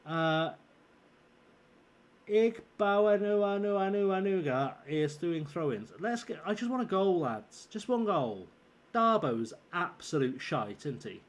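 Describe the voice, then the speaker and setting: A man's voice: fairly high pitch, sing-song, a little slow, fairly bright tone, slightly rough. A tired man with a northern English accent and a sore throat coming on, chatting and swearing his way through live game commentary while teasing his viewers. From southern England. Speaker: streamer. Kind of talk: live gameplay commentary and chat.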